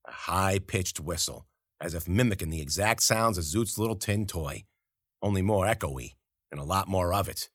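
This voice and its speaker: A man's voice: low voice, animated, normal speed, fairly bright tone, breathy edge, dry recording, studio quality. A man narrating a first-person story in a gritty, slangy, profane voice. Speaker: audiobook narrator.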